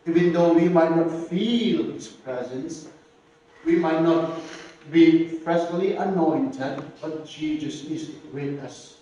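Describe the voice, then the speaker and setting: Slow echoey preacher man. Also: fairly high pitch, dark tone, highs cut off, slight background noise. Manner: slow, earnest preaching with repeated phrases and emphatic rises. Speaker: pastor. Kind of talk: sermon. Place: church hall. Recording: echoey church hall, voice from a distance.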